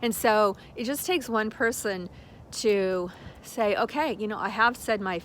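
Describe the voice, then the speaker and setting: An older woman speaks in an unhurried, rambling way, sharing spiritual lessons as a reflective monologue. She slips into little acted-out voices for quoted exchanges as she tells her story. A faint hiss of background noise sits under her voice at a middling pitch. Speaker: spiritual teacher.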